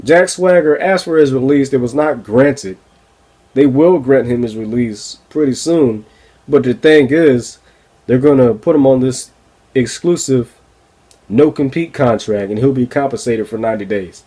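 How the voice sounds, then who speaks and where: This man hosts a wrestling review podcast, ranting in a casual, profane, exasperated way and laughing often. His voice is mellow and medium-pitched, moving a little slowly.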